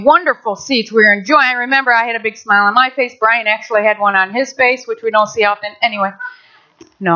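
A woman with a high, bright voice tells a personal testimony at a church. She talks in a chatty, animated way and acts out the voices of others. The recording sounds dull and lo-fi.

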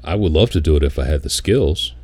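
Very deep-voiced man telling a story. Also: fairly quick, no echo. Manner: animated storyteller, swears, mimics people in high voice. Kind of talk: casual chat.

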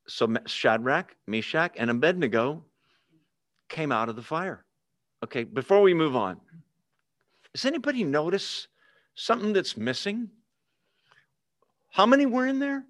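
Very animated yet unhurried, this pastor has a fairly high, slightly bright voice and pauses often. He delivers a conversational teaching sermon, repeatedly asking questions of the congregation in call and response, in studio-quality sound with no echo.

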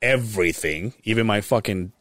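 A young man co-hosting a podcast tells a long, casual story in a lowish voice at normal speed, with no echo. He swears a lot and animatedly acts out other people's voices as he retells it.

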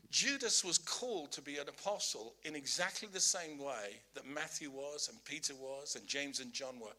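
A man's voice: fairly high pitch, expressive, moderate pace, few pauses, sharp tone. A man preaching a sermon, emphatic, repeating his key lines, with humorous asides.

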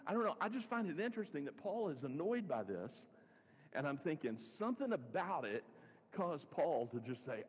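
A man's voice: medium pitch, very animated, normal speed, breathy edge. A male pastor preaches a sermon and reads scripture in a conversational way, musing aloud with chuckling asides. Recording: long hall reverb.

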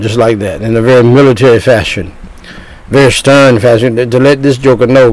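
A man's voice: medium pitch, normal speed, low-quality recording. An older man preaching a sermon in a blunt, rambling way, often repeating himself.

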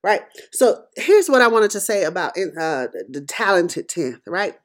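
A middle-aged woman hosting a podcast, speaking in an emphatic, preacherly monologue that swings between loud and quiet. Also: mid-range voice, big pitch swings, unhurried. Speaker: podcast host. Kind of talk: impassioned commentary monologue.

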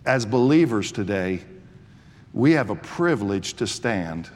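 A man's voice: on the low side, lively intonation, measured pace, long reverb tail. A man in his sixties preaching a sermon, swelling with fervor and often restarting his sentences. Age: 60s. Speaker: pastor.

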